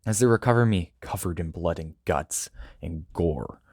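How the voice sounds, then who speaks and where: A man's voice: sits low, animated, normal speed, darkish tone, no room sound, studio quality. A man reading a first-person story aloud, earnest and with small stumbles. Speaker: audiobook reader.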